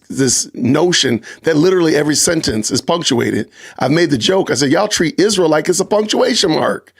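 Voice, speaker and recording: A middle-aged man from Georgia with a drawl hosts a casual livestream. His voice sits fairly high with a gravelly edge. He is animated and joking, and he keeps talking to his chat. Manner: animated and joking, talks straight to the live chat. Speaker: podcast host.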